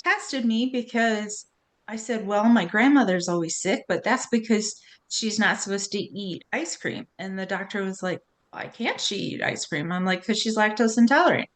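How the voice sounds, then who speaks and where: A woman's voice: medium pitch, normal speed. Blunt therapist woman in her forties. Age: 40s. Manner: blunt, frank, swears casually. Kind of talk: candid podcast conversation.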